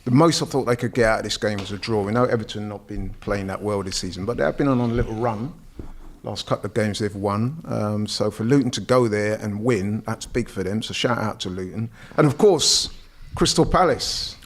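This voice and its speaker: A man's voice: on the low side, fairly quick. An Englishman hosting a casual football watchalong, upbeat as he introduces his panel. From England. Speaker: host.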